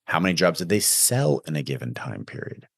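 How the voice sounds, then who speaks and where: Deep-voiced man giving blunt sales advice. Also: lively intonation, fairly quick, vocal fry, husky, dry recording, clean studio sound. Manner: emphatic, coaching, acts out sales pitches. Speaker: podcast host. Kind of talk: casual business advice monologue.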